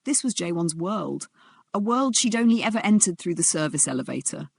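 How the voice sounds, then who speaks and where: A narrator reading a dramatic story in a steady storytelling voice. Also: mid-range voice, fairly quick, vocal fry, husky, no room sound.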